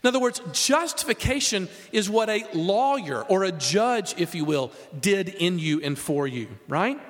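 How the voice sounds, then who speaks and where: A man preaching a sermon, emphatic and animated, asking the audience rhetorical questions. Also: sits high, moderate pace. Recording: reverberant hall.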